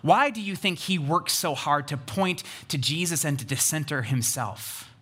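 A man's voice: a little high, normal speed, pushed and bright, husky. A man preaching a sermon as a pastor, talking emphatically, building in intensity and putting questions to his listeners.

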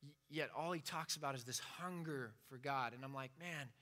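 A man's voice: medium pitch, fairly quick, sharp tone. A man giving an informal sermon with passion, acting out the prayers he quotes. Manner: impassioned, acts out quoted prayers. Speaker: preacher.

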